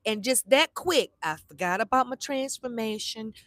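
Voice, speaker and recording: A middle-aged woman vlogger telling a story to her live chat in a blunt, animated way, swearing freely and acting out the people she quotes. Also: fairly high pitch, moderate pace, dry recording.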